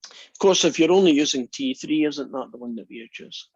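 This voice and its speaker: A man's voice: on the high side, a little fast, darkish tone, husky, no echo. Chatty male math teacher, dry lo-fi sound. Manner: chatty and joking, talks through steps conversationally. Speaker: math instructor. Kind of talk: casual classroom lecture. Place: classroom. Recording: dry, dull lo-fi lecture recording.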